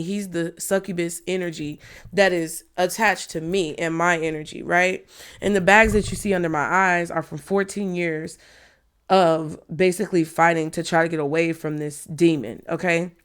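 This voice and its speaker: A woman's voice: on the low side, fairly even intonation, normal speed, clear, resonant tone. A woman in her thirties, a tarot reader, talking frankly and bluntly to her viewers, swearing freely. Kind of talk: candid personal talk to viewers.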